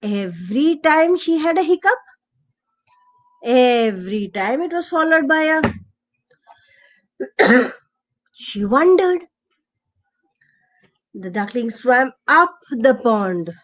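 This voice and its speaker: Slow, high-voiced woman telling a children's story. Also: muffled recording. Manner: expressive, asks the listener questions. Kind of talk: children's story read-aloud.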